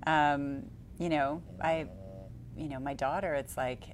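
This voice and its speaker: A woman's voice: low voice, steady tone, slow, slight background noise. A woman co-hosting a casual chat who talks in an earnest, rambling way. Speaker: co-host.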